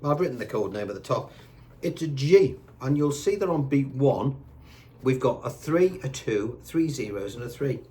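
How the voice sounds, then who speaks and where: A man teaching guitar with a chatty, patient manner, counting the beats out loud slowly while he plays. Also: mid-range voice, lively intonation. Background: guitar playing.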